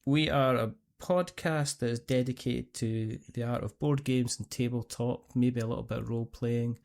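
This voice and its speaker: A man's voice: medium pitch, steady tone, moderate pace, vocal fry, a little mellow. A middle-aged man with a Scottish accent hosting a podcast, telling stories in a rambling, chatty way and often restarting his sentences. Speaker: podcast host. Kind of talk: casual chat.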